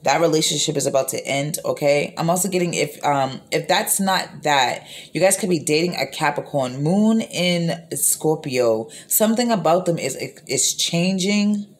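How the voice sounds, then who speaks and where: Woman tarot reader, slightly low voice, recorded on a phone. Rambling, blunt, casual delivery. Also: animated, normal speed, few pauses. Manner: rambling, repeats herself, frequent fillers; profane, blunt.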